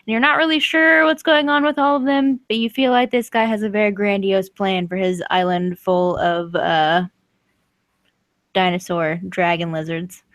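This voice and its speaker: A woman's voice: medium pitch, steady tone, normal speed, a bit bright, dry recording. A woman running a tabletop role-playing game as game master, narrating the scene in a chatty way and laughing often.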